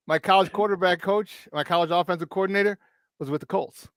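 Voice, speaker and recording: A man's voice: high-pitched, fairly even intonation, a bit bright, no room sound. A man hosting a sports talk show, emphatic and questioning in casual chat. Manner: emphatic, keeps asking "all right?"; asks rapid questions.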